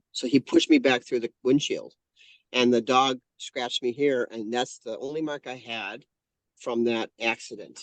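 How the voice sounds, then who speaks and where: A man's voice: mid-range voice, fairly even intonation, a little slow, no echo. Earnest man in his fifties, dry sound. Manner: earnest, heartfelt, lots of self-corrections. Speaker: guest, painter and channeler. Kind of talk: conversational interview storytelling.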